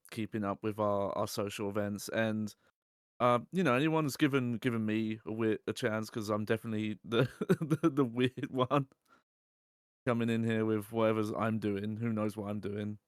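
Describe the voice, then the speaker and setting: A man co-hosting a stream thanks the community haltingly and pokes fun at himself. His voice is low and smooth. The recording is dry and close, with no echo. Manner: self-deprecating, halting, grateful. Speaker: co-host. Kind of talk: casual stream chat.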